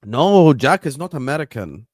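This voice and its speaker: Animated joking man streaming to chat. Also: a little high, normal speed, no room sound, studio quality. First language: Arabic. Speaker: football watchalong streamer. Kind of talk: casual live-stream chat.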